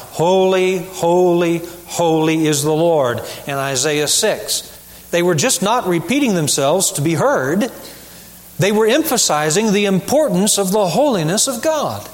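Male preacher, fairly high and animated voice, emphatic sermon delivery, church hall with a long echo. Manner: emphatic preaching with rhetorical questions and deliberate repetition. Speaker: pastor. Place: church sanctuary.

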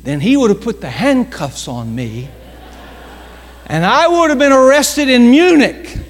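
A male pastor telling a story in a sermon, dramatic, slowing down for emphasis and acting out the voices of others. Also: very high voice, very animated, big-room sound. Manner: dramatic storytelling with slowed emphasis and acted quotes.

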